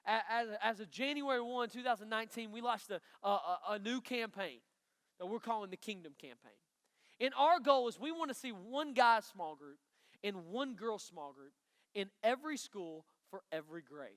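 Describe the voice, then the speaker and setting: A man preaching a lively youth sermon from a stage, emphatic and joking with the students. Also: high voice, normal speed. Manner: energetic, emphatic, bantering with the audience. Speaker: youth pastor. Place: stage in a large hall before a student crowd. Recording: long hall reverb.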